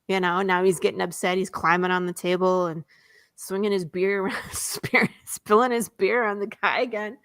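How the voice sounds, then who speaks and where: A woman comics creator, a guest chatting casually and retelling her comic's pages in an animated way. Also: mid-range voice, moderate pace, no echo, studio quality. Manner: animated storyteller, voices characters, laughs often.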